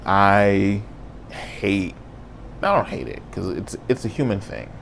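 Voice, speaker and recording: A man's voice: fairly low pitch, expressive, slow pace, vocal fry, a bit bright, a little hiss or hum. A man hosting a podcast, talking on his own in an earnest, casual and reflective way. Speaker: podcast host. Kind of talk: solo podcast monologue.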